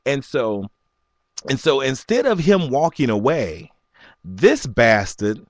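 A man in his forties telling a story in an animated rant, laughing often and jumping up high when he quotes people. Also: slow, no echo. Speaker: vlogger.

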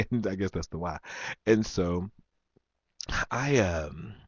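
A man's voice: fairly low pitch, animated, drawn-out words, a bit bright, breathy edge, no room sound, dull audio. A man hosting a live chat stream, telling a story in a casual rant, laughing often and trailing off with ums.

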